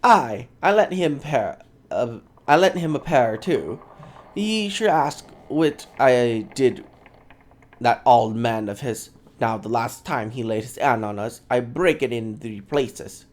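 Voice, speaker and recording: A man doing a brash, scornful spirit woman in a rough Scottish accent. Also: medium pitch, animated, slow pace. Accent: attempted Scottish. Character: defiant woman spirit sharing an elf's body.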